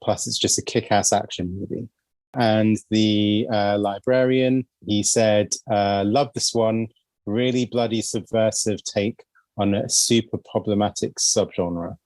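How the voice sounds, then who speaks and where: A man's voice: lowish voice, steady tone, unhurried, a little mellow, dry recording. Guy hosting a movie podcast, lots of ums and laughs, dry mic. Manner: laughing often, many fillers and restarts. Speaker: podcast host. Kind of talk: casual chat.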